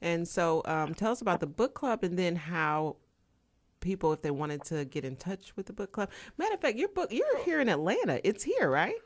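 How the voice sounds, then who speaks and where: A woman's voice: on the low side, sing-song, normal speed. Lady radio host, playful, voice bounces all over, laughs a lot. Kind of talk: casual radio interview.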